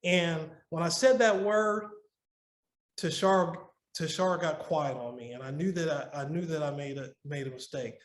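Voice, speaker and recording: At a moderate pace, a middle-aged podcast guest with a fairly high voice offers earnest marriage advice in a loose, chatty manner. His words stumble, repeat and restart as he tells a story, and a noticeable roomy echo is audible.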